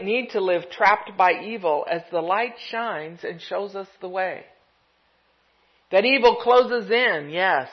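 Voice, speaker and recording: In a muffled, lo-fi recording with the highs dulled, an unhurried pastor of medium pitch delivers a soft, reflective sermon. He lets every idea sink in and laughs gently now and then.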